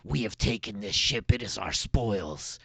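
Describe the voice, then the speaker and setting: A man's voice: fairly low pitch, expressive, unhurried, creaky, fairly bright tone, breathy edge, dry recording, heavily acted. A man voicing a stern male kobold guard in a tabletop game, speaking in curt, threatening lines. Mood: demanding.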